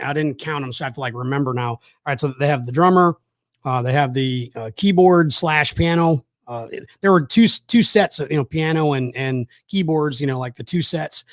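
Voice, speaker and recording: A man's voice: a little high, no echo, studio quality. A man hosting a casual chat, telling rambling, enthusiastic stories with lots of fillers. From South Georgia, USA. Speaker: host.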